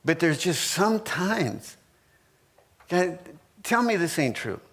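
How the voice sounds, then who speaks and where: A man's voice: a little high, very animated, slow pace, fairly bright tone. A man in his sixties, a pastor teaching a marriage class in church, earnest and repetitive with frequent restarts.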